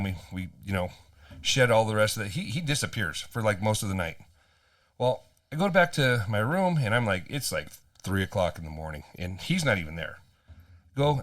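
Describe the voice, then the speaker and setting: A man co-hosting a podcast, telling a profane story in animated casual chat. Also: fairly low pitch, no room sound, clean studio sound, distant mic. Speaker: podcast co-host.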